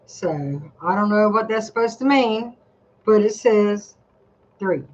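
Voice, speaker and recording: A woman's voice: mid-range voice, animated, takes it slowly, a little mellow, dull audio, a little hiss or hum. An older woman vlogging a casual product review from her home desk, chatty and rambling as she talks straight to her viewers.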